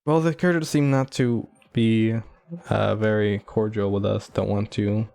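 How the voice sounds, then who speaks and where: A man comments on his own playthrough in a lowish, creaky, dark voice, with fairly even intonation and a slightly slow pace. His talk is casual and meandering, crowded with "like" and punctuated by chuckles.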